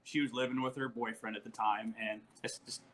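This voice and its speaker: Bright-voiced man telling family stories. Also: lowish voice, fairly quick, rough recording. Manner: storytelling, animated, laughs often. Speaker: podcast guest. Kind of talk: casual podcast chat.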